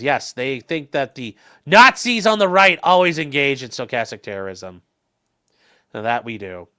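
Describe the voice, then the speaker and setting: A man's voice: mid-range voice, animated, normal speed, sharp tone. A young man hosting a casual livestream, rambling through legal talk and viewer comments with plenty of fillers and restarts.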